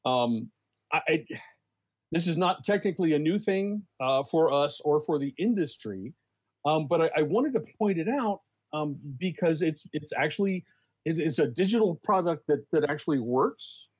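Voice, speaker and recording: A man on a casual podcast panel, a journalist, speaking haltingly with frequent repeated words and restarts. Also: fairly high pitch, lively intonation, breathy edge, poor audio.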